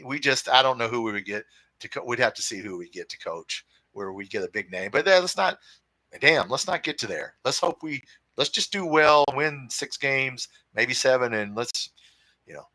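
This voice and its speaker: A fired-up man hosts a fan livestream from home, reading comments aloud and firing back in blunt, profane talk. His voice is bright and forceful, recorded dry and close with no room around it. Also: medium pitch, no echo, poor audio. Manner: blunt, profane and fired-up, calls people brother and dude. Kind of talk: casual livestream chat reading viewer comments.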